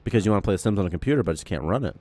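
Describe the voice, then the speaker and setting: Fast-talking deep-voiced young man. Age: 20s. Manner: profane, animated storytelling. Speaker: game programmer. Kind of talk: casual dev stream chat.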